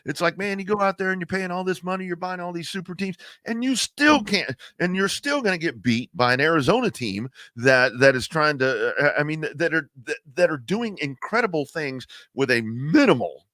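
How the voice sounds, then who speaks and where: A man co-hosting a sports talk show, excitable and blunt, swearing and restarting sentences as he rants. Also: a little high, normal speed, few pauses, dry recording, clean studio sound.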